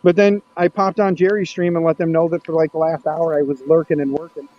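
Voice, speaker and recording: A man's voice: fairly high pitch, level tone, fairly quick, dull audio. Rambling man hosting a maker stream. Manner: rambling, restarts often. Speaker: host of a maker livestream. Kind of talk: casual chat.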